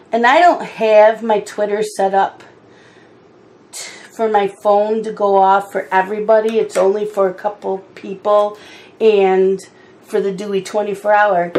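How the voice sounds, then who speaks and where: A middle-aged woman chatting casually while she colors, unhurried, with wry asides and a bout of hiccups. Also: medium pitch, a little hiss or hum. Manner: chatty, slow and unhurried, mildly exasperated asides. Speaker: coloring channel host.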